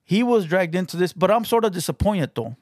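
Profane, combative podcast host. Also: male voice, high voice, animated, fairly quick, no room sound, studio quality. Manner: profane, confrontational, taunting. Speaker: podcast host reacting to clips. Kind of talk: heated reaction commentary.

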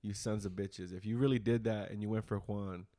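A man's voice: fairly low pitch, fairly even intonation, brisk, warm tone. A man hosting a podcast in casual chat, telling stories animatedly, acting out quotes and swearing freely. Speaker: podcast host.

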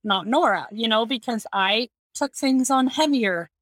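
A woman guest on a podcast who tells a story in an animated way and laughs as she talks. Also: fairly high pitch, unhurried, no room sound. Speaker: podcast guest, communications manager. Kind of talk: conversational storytelling.

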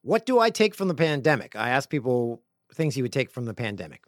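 A middle-aged man hosting a casual podcast, reading listener emails aloud with playful, jokey, rambling asides that swing between loud bursts and quiet mutters. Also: medium pitch, very animated, a little fast, no room sound, clean studio sound. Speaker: podcast host.

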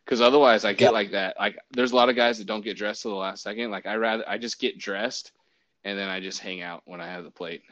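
This man's voice sits on the low side and moves fast. Working as a baseball umpire, he tells a story casually and animatedly, acting out quotes and restarting frequently, on dull lo-fi audio.

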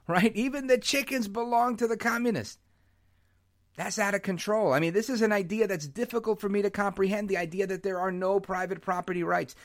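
A man hosting his own podcast, talking in an animated, opinionated way and dropping in Spanish words. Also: sits high, a little fast. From United States. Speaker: podcast host. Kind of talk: solo podcast monologue. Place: New York.

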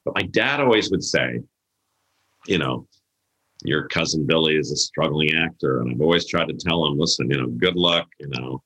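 A man's voice: very deep voice, lively intonation, moderate pace, pushed and bright. A middle-aged man, an event planner, telling stories in a casual interview and acting out the voices of people he quotes. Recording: echoey room.

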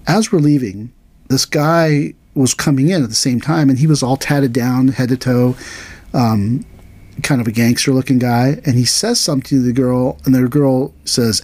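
A man's voice: mid-range voice, moderate pace, dry recording. A man hosting a podcast, telling a story in a casual way and acting out the dialogue with a livelier voice. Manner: animated, acts out quoted dialogue in a raised voice. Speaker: podcast host, aikido teacher.

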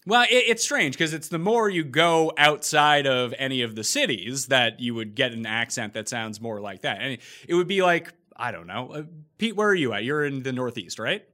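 A man's voice: mid-range voice, animated, normal speed, few pauses, pushed and bright. A Canadian man hosting a podcast, chatting casually in a rambling way with frequent restarts. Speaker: podcast host. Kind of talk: casual chat.

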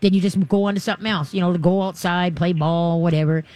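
A woman's voice: fairly low pitch, steady tone, fast, a little mellow. A woman hosting a call-in radio show, coaching listeners on dog training in a chatty, encouraging way, and often acting out voices for owners and dogs.

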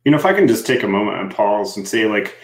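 A man's voice: on the low side, sing-song, fast talker. A man co-hosting a podcast in casual chat, enthusiastic and loose, with lots of fillers and "right?" tags. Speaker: podcast co-host. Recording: echoey room sound.

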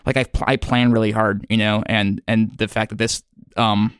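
A man hosting a podcast in a rambling comedic monologue, halting and earnest, full of fillers and restarts, sounding self-doubting. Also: lowish voice, level tone, a bit bright, clear, resonant tone, dry recording, studio quality. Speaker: podcast host.

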